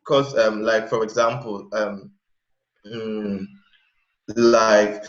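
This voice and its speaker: A man speaking as an interview guest in casual chat, pausing to search for examples mid-sentence. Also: medium pitch. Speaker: interview guest, language learner. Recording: echoey, dull sound.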